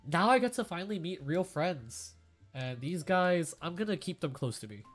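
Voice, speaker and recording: A man's voice: a little high, lively intonation, moderate pace, soft background music. A young man streamer in a tearful, rambling casual chat, full of fillers and emotion.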